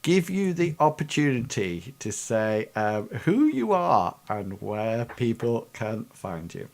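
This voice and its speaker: A man running a tabletop role-playing game, narrating scenes slowly with many pauses and ums. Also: mid-range voice, very animated. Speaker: game master.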